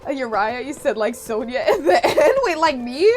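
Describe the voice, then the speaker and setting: A woman streamer chatting casually while playing a game, reacting loudly and reading chat messages aloud, with game music behind her. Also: high-pitched, big pitch swings, normal speed. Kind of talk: casual live gameplay chat.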